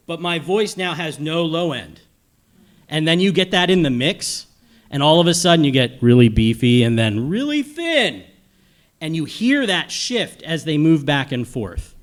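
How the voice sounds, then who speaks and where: A middle-aged man gives a casual panel lecture on audio to a live audience in a room, his voice on the high side, sing-song and a little slow. He rambles chattily, often checking in with "okay?" and "right?" after his points.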